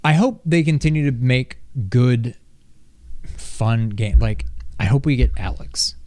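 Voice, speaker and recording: A man's voice: mid-range voice, a little slow, mellow, dry recording. A man co-hosting a casual gaming chat, rambling and loose, acting out his own reactions. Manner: loose, rambling, filler-heavy with acted-out reactions.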